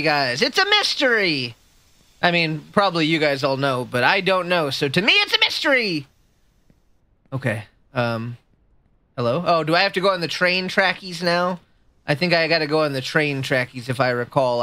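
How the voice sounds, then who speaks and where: A woman streaming a video game, chatting casually with her viewers and jumping into a high, squeaky voice when she gets excited or nervous. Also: dry recording. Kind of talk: casual gameplay commentary.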